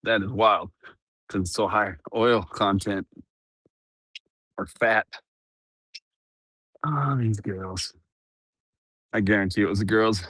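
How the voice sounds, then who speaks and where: A man's voice: lowish voice, slow, long pauses, fairly bright tone, dry recording, studio quality. A middle-aged man chatting casually through an earbud mic while walking around his ranch outdoors, laughing often and cooing at his dogs. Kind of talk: casual walk-around vlog.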